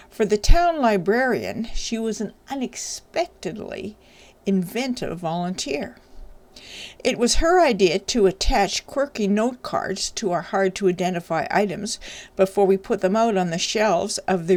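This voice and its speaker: A woman's voice: medium pitch, lively intonation, a little slow, a little mellow. A woman author reading the opening of her novel aloud, with chatty, self-deprecating asides.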